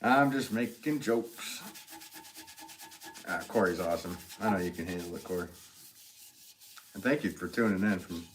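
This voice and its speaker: Man, New England accent, low voice, laid-back livestream chat, jokey, laughs a lot. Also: slight background noise. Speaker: potter hosting a livestream. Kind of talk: casual livestream chat, reading comments.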